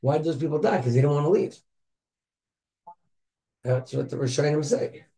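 A man's voice: a little high, moderate pace, vocal fry. A man sharing a Torah insight in a casual study group, asking rhetorical questions and quoting Hebrew sources. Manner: animated, rhetorical questions, mixes Hebrew and Yiddish terms.

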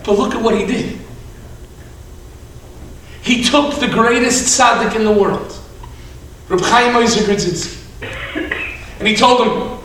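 A man rabbi telling a story in a sermon, acting out the characters and moving from shouts to hushed tones. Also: extremely high pitch, fairly even intonation, a little slow, pauses often, a little hiss or hum. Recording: echoey hall, from a distance.

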